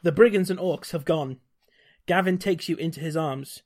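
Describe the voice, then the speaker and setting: A man with a high-pitched voice reads an old fantasy gamebook aloud, sliding in and out of quick put-on voices for the characters. His asides are dry and sarcastic, and he keeps amusing himself as he goes. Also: darkish tone. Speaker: podcast host reading a gamebook aloud. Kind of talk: casual chat, reading aloud with asides.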